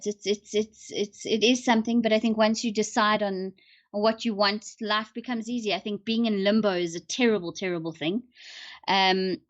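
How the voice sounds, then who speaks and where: A woman's voice: medium pitch, fairly bright tone, dull audio. A woman hosting a casual livestream about astrology, chatting in a rambling way and answering viewer comments as she goes. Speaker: livestream host.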